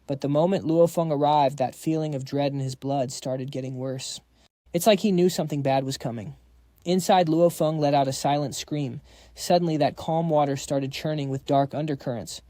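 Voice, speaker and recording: A man's voice: on the high side, steady tone, normal speed, dark tone, dry recording, studio quality. A man narrating a comic recap in a casual, slangy storytelling voice, reading every part himself.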